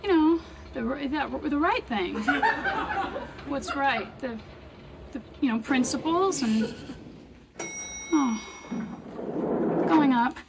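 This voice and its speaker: A nervous rookie colorist, very high voice. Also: female voice, lively intonation, takes it slowly, pauses often, heavily acted. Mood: rousing. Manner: nervous and rambling, many restarts. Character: earnest young woman, rookie colorist, anxious idealist. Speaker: comic-book colorist. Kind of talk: 1990s sitcom acting. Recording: noisy old TV audio.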